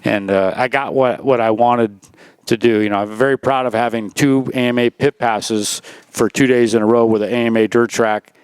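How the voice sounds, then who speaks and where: A man's voice: mid-range voice, steady tone, moderate pace, smooth, no echo. A man in his sixties, a former racer telling stories in a casual interview, rambling with lots of "you know" and restarts.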